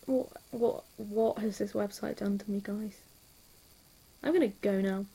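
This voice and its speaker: Gushing English woman with a gravelly voice. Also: mid-range voice, fairly even intonation, unhurried, warm tone. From England. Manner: gushing, rambling, repeats words for emphasis. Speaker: vlogger. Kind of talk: casual chat to camera.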